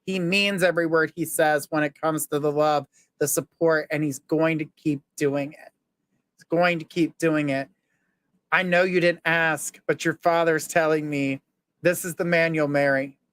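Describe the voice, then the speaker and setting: A man's voice: a little high, fairly even intonation, a little slow, a bit bright, dry recording. Earnest man giving a psychic reading. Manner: earnest, reassuring, relays messages in the first person. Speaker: psychic medium host.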